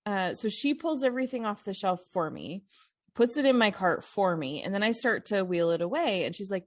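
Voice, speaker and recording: A woman co-hosting a podcast, telling a story in a casual, animated way, with many fillers and restarts. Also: mid-range voice, fairly quick, dry recording, studio quality. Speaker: podcast co-host.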